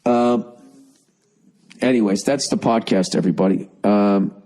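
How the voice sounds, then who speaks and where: A podcast host speaks unhurriedly in a fairly low, dark voice on a low-quality recording. Reading a listener email aloud, he delivers blunt, profane advice as a rambling comedic rant in a Boston accent, struggling against a cough.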